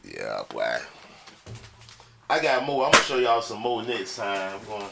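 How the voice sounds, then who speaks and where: Over loud music and a noisy crowd, a man with a fairly low, creaky voice and huge pitch swings shows off his record collection at a moderate pace. He jokes around in a loose, slangy manner, addressing his viewers directly.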